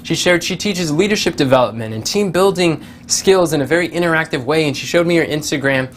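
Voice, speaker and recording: A man giving a casual motivational talk, telling stories with lively quoted voices and many fillers and restarts. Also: fairly high pitch, fairly quick, slight background noise. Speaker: motivational speaker.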